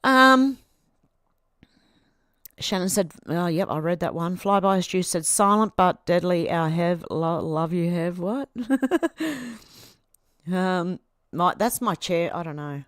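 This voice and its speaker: Aussie lady in her 50s chatting thru viewer comments on her stream, bit low voice, no room echo. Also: takes it slowly, long pauses, fairly bright tone, clean tone, studio quality. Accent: Australian. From Australia. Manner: chatty, reads comments aloud and answers them. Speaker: livestream host. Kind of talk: casual livestream chat reading viewer comments.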